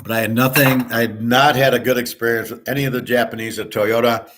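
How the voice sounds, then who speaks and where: A man's voice: mid-range voice, fairly even intonation, fast, fairly bright tone. A middle-aged man from the United States, hosting a betting show and telling a rambling story in a blunt, profane, indignant way. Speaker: sports betting show host.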